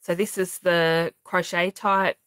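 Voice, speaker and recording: A woman's voice: lowish voice, little pitch movement, slow pace, a bit bright, rough recording. A woman chatting casually as a craft vlogger at home, laughing easily and teasing. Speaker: craft vlogger showing a haul. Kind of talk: casual chat.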